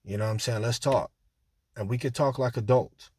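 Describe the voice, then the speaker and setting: A man's voice: medium pitch, fairly even intonation, moderate pace, a little mellow, slightly rough, no echo. A man talking casually and directly to listeners, giving relationship advice with lots of repetition and fillers. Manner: conversational, repeats himself, addresses listeners directly; colloquial, with frequent fillers. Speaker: relationship talk host.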